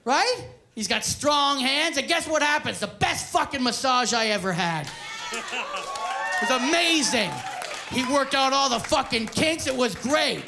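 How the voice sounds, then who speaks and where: A man, a stand-up comedian telling a story loudly and profanely on stage. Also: very high voice, lively intonation, measured pace, background noise. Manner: loud, profane, often yelling. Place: theater stage before a live audience. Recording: live show with audience laughter.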